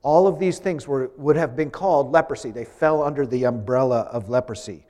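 A man's voice: medium pitch, brisk, mellow. A man preaching a sermon to a congregation, talking in a conversational way with light humorous asides. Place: church sanctuary. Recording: long church reverb.

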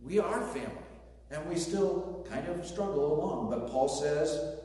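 A pastor delivering a conversational sermon with joking asides, speaking to a congregation. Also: male voice, fairly high pitch, animated, measured pace, warm tone. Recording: very echoey hall, distant mic, faint noise.

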